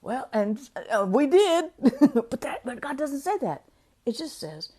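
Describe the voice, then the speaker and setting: Woman, devotional speaker, warm mellow tone, casual and chatty. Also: high voice, very animated, gravelly, husky. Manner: chatty, laughs often, reads verses slowly.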